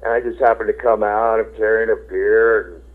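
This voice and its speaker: A middle-aged rock singer, interviewed over a tinny phone line, rambles through relaxed stories, swearing and acting out what people said. He speaks briskly in a fairly low voice with fairly even intonation.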